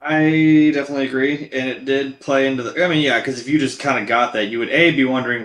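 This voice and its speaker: Casting: man, podcast co-host, talks quickly and swears a lot, bright tone, slightly roomy sound. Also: mid-range voice. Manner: profane, animated, acts out his reactions in quotes. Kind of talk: casual movie review chat.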